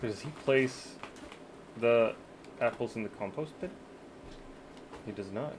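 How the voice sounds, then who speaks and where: A man's voice: medium pitch, slow, slight background noise. A man streaming a game in casual chat, laid-back, swearing offhandedly and laughing easily.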